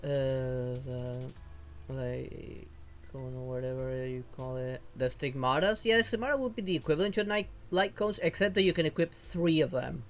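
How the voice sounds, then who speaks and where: A man's voice: mid-range voice, moderate pace. A man streaming as a VTuber, casually thinking aloud while he pulls and sorts game rewards. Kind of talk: casual gameplay commentary.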